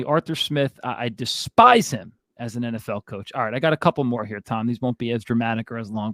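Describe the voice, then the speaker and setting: A man's voice: medium pitch, no room sound, clean studio sound. A man hosting a fantasy football show, ranting in an exasperated, casual way. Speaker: fantasy football podcast host. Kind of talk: casual sports commentary.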